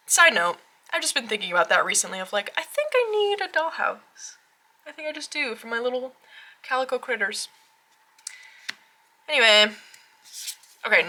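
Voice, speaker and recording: A woman gushing through a casual tarot deck walkthrough at home, excitable, with frequent gasps and fillers. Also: a little high. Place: home tarot room, rain outside.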